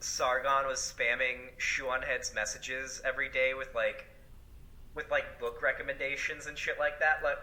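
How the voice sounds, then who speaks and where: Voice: mid-range voice, little pitch movement, normal speed, bright, forceful tone. A speaker giving casual commentary in a mocking, crude way.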